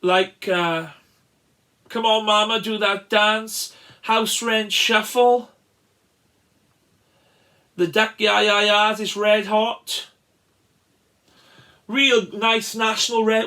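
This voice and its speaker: Guy with a high bright voice rambling happily about old vinyl, lots of uhs. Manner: chatty, enthusiastic, many uhs and restarts. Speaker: guitarist showing his vinyl records. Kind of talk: casual record show-and-tell.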